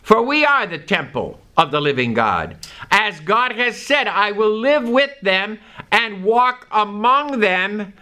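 A male preacher with a high, bright voice that swoops up and down, delivering a sermon. He takes his time, leaning hard on single words and stretching out phrases for emphasis. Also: very animated, slow, clear, resonant tone.

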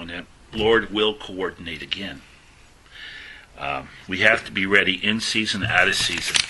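A middle-aged lay preacher gives an informal sermon, speaking conversationally, interrupting himself, and leaning hard on words as he reads scripture aloud. His deep voice is bright and forceful. The audio is poor, with slight background noise.

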